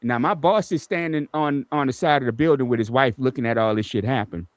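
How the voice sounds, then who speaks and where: A man's voice: medium pitch, fairly quick, dry recording, clean studio sound. A man telling a road rage story in a casual stream chat. He swears constantly and acts out the people in his stories.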